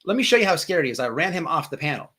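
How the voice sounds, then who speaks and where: A man's voice: on the high side, sing-song, rapid-fire, bright, forceful tone, slightly rough. A man hosting a casual livestream, telling a long profane jail story with many repeated words. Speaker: livestream host.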